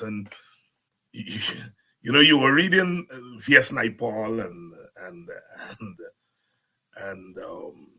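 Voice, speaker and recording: A middle-aged man from Guyana hosting a show, musing in reflective commentary with halting restarts and soft chuckles. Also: medium pitch, breathy edge, rough recording. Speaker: host.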